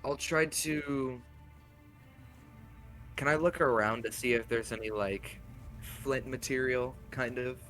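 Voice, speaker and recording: A man plays a tabletop game and speaks casually, pausing and checking the rules. His voice sits at a middle pitch over faint music. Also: fairly bright tone. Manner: casual, hesitant, asks questions. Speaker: player.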